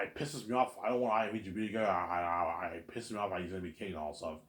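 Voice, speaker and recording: A man's voice: deep voice, fast talker, hardly any pauses, a bit bright. A man in a rambling, profane monologue, who often stammers and repeats words. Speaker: vlogger. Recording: echoey room.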